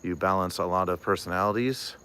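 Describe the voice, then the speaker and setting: Deep-voiced man rambling on a livestream. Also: fairly quick, pushed and bright, clean tone. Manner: rambling, many fillers, reads and answers chat. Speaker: comedian streamer. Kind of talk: casual livestream chat.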